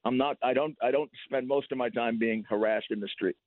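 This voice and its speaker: An older man, a guest in a casual radio interview, telling stories with animated repetition and laughs. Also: mid-range voice, brisk, no echo. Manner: animated storytelling, repeats words, laughs. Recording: thin phone-line sound.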